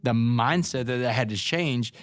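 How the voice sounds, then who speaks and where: A man's voice: mid-range voice, normal speed. Earnest man telling a hard story. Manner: earnest, conversational, calls people man and brother. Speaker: guest, author. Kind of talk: storytelling interview.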